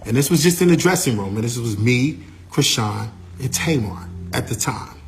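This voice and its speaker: A man, an artist's manager, recounting a backstage incident in a lively, casual way, repeating himself and using slang. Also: medium pitch, moderate pace, creaky. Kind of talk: animated storytelling.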